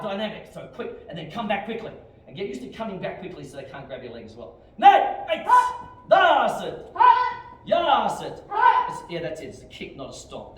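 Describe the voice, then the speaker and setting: Echoey Australian martial arts instructor barking commands. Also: male voice, medium pitch. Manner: energetic, barks sharp commands and kiai shouts between explanations. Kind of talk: teaching a martial arts class. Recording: very echoey hall, distant mic, faint room noise.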